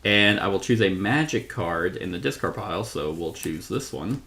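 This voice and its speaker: A man's voice: deep voice, lively intonation, normal speed, creaky, sharp tone. A man playing a solo card game on his own, thinking aloud as he goes, reading card text and correcting himself along the way. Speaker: board game reviewer. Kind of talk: solo tabletop playthrough.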